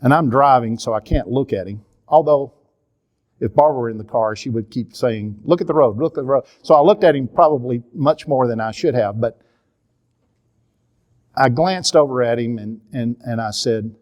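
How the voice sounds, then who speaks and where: Older man with a Southern drawl, mid-pitched, for a church seminar speaker sharing candid family stories. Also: moderate pace, muffled recording. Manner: earnest storytelling, confessional. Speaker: minister and counselor teaching a seminar.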